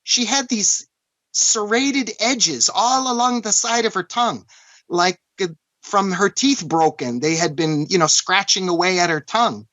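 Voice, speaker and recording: A man from Canada, recounting a personal story as an interview guest in an earnest, halting way, often restarting and saying "you know". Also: high voice, bright, forceful tone, no echo. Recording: dull, dry lo-fi recording.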